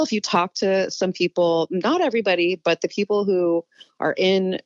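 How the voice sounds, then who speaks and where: A woman's voice: lowish voice, dry recording, highs cut off. A woman, a comedian guest on a podcast, chatting casually and arguing politics with passion. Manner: opinionated, talks politics fast and passionately.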